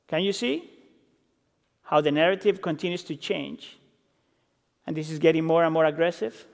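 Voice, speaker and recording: A man preaching a sermon, acting out quoted lines and building intensity before dropping low and quiet. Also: normal speed, vocal fry, long pauses. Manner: expressive, acts out quotes, builds intensity then drops low. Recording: reverberant hall.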